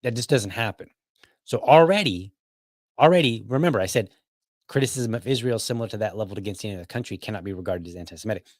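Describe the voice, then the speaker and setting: A man's voice: on the low side, fast talker, dry recording, clean studio sound. A man hosting a podcast, commenting casually in a rambling, self-correcting way. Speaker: podcast host.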